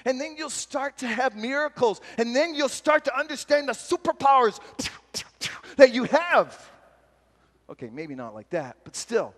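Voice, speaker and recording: A man giving a talk at a retreat, telling personal stories in a lively, self-deprecating way with frequent laughs. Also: very high voice, measured pace. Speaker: retreat speaker. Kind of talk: storytelling sermon talk. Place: large hall at a retreat. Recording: long hall reverb from a live talk.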